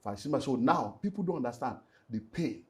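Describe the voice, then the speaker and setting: A middle-aged Nigerian man, a pastor and relationship speaker, giving an emotional personal testimony in an interview. He tells it in a lively way, slips into Nigerian Pidgin, and moves between loud outbursts and hushed moments. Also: mid-range voice, brisk.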